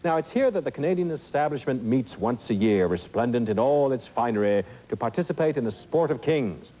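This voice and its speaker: Lively, mellow-voiced game show host man. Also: medium pitch, brisk, long reverb tail, rough recording. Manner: chatty, asides with many fillers. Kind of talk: TV quiz show hosting. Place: TV studio.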